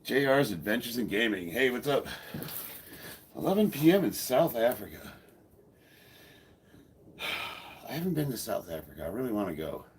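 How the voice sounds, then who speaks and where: A man's voice: medium pitch, normal speed, long pauses, slight background noise. Laid-back older man chatting on a live stream. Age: over 50. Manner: relaxed, reads viewer comments aloud, chatty. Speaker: powerlifter streaming a live workout. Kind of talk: casual live-stream chat. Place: home gym, indoors.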